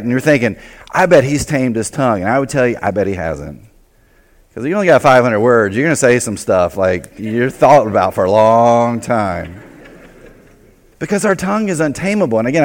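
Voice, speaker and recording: A male pastor delivers a sermon in a chatty, animated style, slipping into playful asides along the way. His voice sits at an ordinary male pitch. It rings out with a long reverb, as if he is in a large church sanctuary. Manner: conversational, animated preaching with acted asides.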